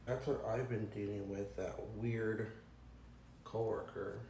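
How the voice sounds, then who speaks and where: A man's voice: on the low side, fairly even intonation, slow pace, creaky, warm tone, slight background noise. A young man telling a storytime rant, exasperated and profane, rambling with lots of fillers. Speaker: vlogger. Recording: echoey room.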